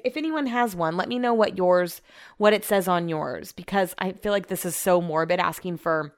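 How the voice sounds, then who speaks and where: A young woman hosting a casual solo podcast from home, rambling and chatty with lots of fillers and restarts. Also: medium pitch. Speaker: podcast host. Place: home, upstairs room.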